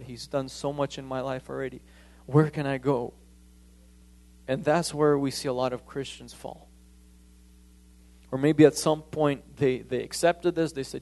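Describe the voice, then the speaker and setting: A man's voice: medium pitch, vocal fry, darkish tone. A man preaching a sermon in a church, emphatic, often stumbling and restarting his phrases. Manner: emphatic, with frequent stammered restarts.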